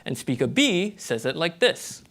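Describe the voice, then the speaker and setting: A young man from Malaysia with a Malaysian English accent gives a TED-style talk. His voice sits a little high and swings widely in pitch. He explains things in a lively way and keeps checking in with the audience. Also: measured pace. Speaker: graduate student presenter.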